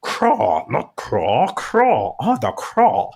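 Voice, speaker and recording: A man's voice: mid-range voice, huge pitch swings, very slow, creaky, a little mellow, slightly rough, voice pushed up, exaggerated voice. A man doing a mocking impression of a cartoonish male Cold War TV villain speaking broken English. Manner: exaggerated broken-English mimicry. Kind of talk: voice impression in conversation.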